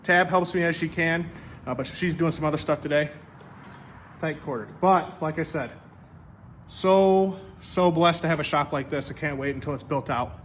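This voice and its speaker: A man's voice: on the high side, normal speed, fairly bright tone, slight background noise. A man chatting casually and upbeat as he explains car repairs in his workshop. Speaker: shop vlogger. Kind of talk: casual how-to vlog. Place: workshop garage.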